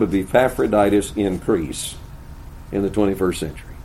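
A man preaching a sermon, swinging between hushed, intimate asides and loud, emphatic declarations. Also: lowish voice, expressive, a little fast, poor audio. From United States. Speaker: pastor.

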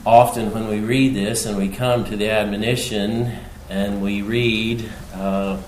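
Guy pastor preaching slow and deliberate, gets loud on the bible verses, echoey church with a little hiss. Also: on the low side, level tone. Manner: measured preaching, rising loud emphasis on scripture quotes. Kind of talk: expository sermon. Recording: roomy hall sound with faint background noise.

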